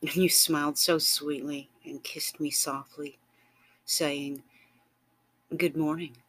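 A man narrating an intimate romantic story in a soft, tender, unhurried way. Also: fairly high pitch, little pitch movement, slight background noise.

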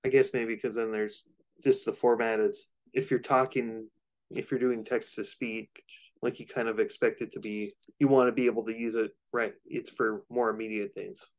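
A man co-hosting a podcast with a somewhat low voice. He talks in an easygoing, rambling way, with fillers along the way. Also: level tone, moderate pace. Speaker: podcast co-host. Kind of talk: casual chat.

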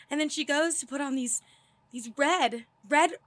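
A young woman co-hosting a podcast, telling animated stories in casual chat and swearing freely. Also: high-pitched, no echo. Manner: animated storytelling, swears and laughs often. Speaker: podcast co-host.

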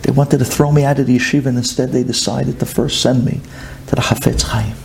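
A man's voice: medium pitch, steady tone, brisk, gravelly, darkish tone, slight background noise. A man, a religious storyteller, telling a dramatic story and often dropping to intense whispers.

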